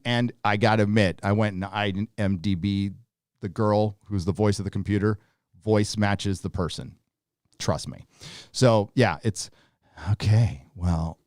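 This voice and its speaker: A man's voice: fairly low pitch, a little mellow, no echo, clean studio sound. A man hosting a live review show, talking casually in a sarcastic, mocking way with plenty of laughs and fillers.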